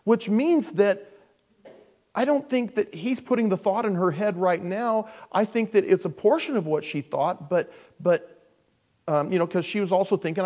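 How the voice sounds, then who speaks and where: A male pastor with a high voice preaches a sermon at a moderate pace. He's animated, shifting between loud emphasis and hushed asides, and acts out the people he quotes.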